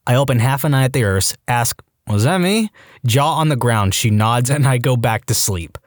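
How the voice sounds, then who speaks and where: A man reading online stories aloud as a narrator, with a deadpan comic delivery. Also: mid-range voice, dry recording, clean studio sound. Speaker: story narrator.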